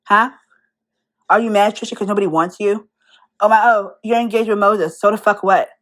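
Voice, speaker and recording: A woman's voice: medium pitch, steady tone, normal speed, fairly bright tone. A young woman in an angry, profane rant, firing rhetorical questions at the person she is calling out. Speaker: commentary vlogger.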